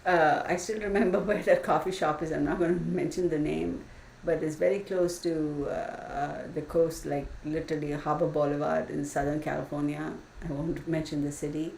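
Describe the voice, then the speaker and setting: A woman's voice: deep voice, fairly even intonation, moderate pace, vocal fry, a little mellow, recorded from a distance. A woman hosting a casual livestream, telling stories in a chatty way, laughing often and saying y'all. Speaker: channel host. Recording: echoey room from off-mic, faint hiss.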